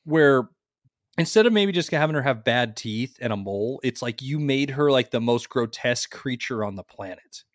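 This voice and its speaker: A man in his thirties co-hosting a podcast, telling stories in a crude, joking, animated way. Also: mid-range voice, normal speed, no echo, clean studio sound. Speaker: podcast co-host. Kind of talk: casual podcast chat.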